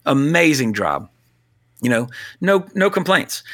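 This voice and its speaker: A man co-hosting a casual film talk, blunt and animated, swearing now and then. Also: a little high, unhurried. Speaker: podcast co-host.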